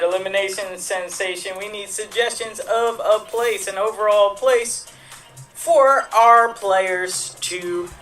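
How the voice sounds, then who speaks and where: Improv host, upbeat, slow delivery, mid pitch, distant call audio. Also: a bit bright. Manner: upbeat, chatty, laughs easily. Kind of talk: hosting a live-streamed improv game.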